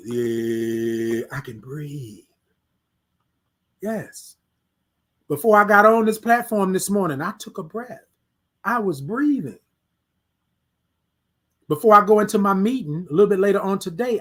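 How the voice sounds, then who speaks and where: A man hosting a morning livestream, giving a preachy, repetitive motivational talk and reading out viewer comments, moving between hushed words and loud emphatic bursts. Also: sits high. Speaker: host.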